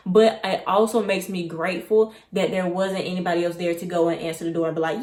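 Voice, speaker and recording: A woman's voice: fairly low pitch, fast, a little hiss or hum. A young woman telling a story in a casual, chatty way that wanders off on tangents as she relives what happened. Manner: chatty, digressive, animated retelling. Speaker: vlogger. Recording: echoey room.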